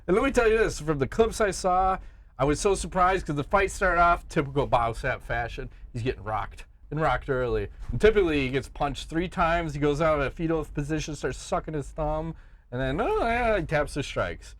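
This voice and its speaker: Profane, animated man hosting a podcast. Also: on the high side, normal speed. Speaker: podcast host. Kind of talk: casual chat.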